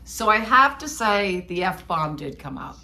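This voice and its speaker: A woman co-hosting a podcast, telling a personal story in an animated, self-mocking way. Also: medium pitch, a little slow. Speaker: podcast co-host. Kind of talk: casual storytelling chat.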